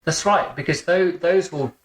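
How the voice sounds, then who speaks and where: A man hosting an interview as a boudoir photographer, chatting in a warm, rambling way in his photo studio, full of fillers and restarts. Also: a little high, normal speed. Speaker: boudoir photographer and podcast host. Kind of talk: relaxed conversational interview.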